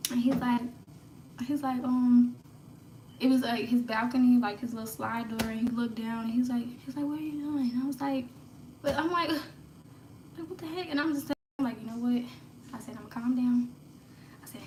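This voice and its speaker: Woman livestreamer, higher voice, casual storytelling that drops to whispers, roomy echo with faint background noise. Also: recorded from a distance. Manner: chatty, laughs often, hushes to a whisper when retelling prayers. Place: room at home. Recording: echoey room, off-mic, faint background noise.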